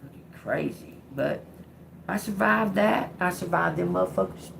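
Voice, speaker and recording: A woman's voice: on the low side, lively intonation, moderate pace, gravelly, a little hiss or hum. A middle-aged woman, telling a blunt, profane story to her livestream audience. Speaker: livestream host. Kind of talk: casual storytelling monologue.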